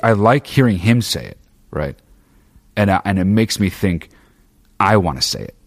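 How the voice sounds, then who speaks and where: A man with a notably low, deep voice delivers a loose, profane monologue straight to his listeners. He rambles and restarts his sentences, swearing freely as he pushes his opinions. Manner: frequent fillers and restarts. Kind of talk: casual monologue.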